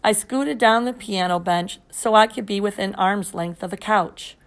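A woman reading a children's story aloud in the first person, expressive and steady. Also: medium pitch, normal speed. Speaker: audiobook narrator.

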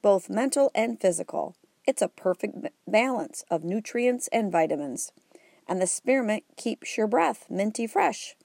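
A woman's voice: medium pitch, animated, unhurried, vocal fry, a little mellow, dry recording, studio quality. A woman reading the part of a cheerful, health-minded superhero father in a storybook, in a hearty, matter-of-fact way.

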